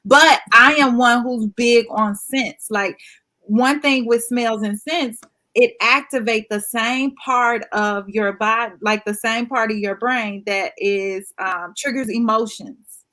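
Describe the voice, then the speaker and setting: A woman's voice: fairly high pitch, slow pace, pushed and bright. A woman guest in casual chat, explaining with confident emphasis.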